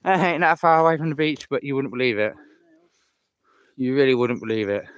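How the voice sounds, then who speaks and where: A man's voice: medium pitch, animated, brisk, clean tone, no echo, lo-fi sound. A man on a live walking vlog, chatty and enthusiastic, out of breath as he climbs a hill path outdoors, filmed on a handheld phone. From England. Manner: chatty, repeats himself, enthusiastic about scenery. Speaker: vlogger.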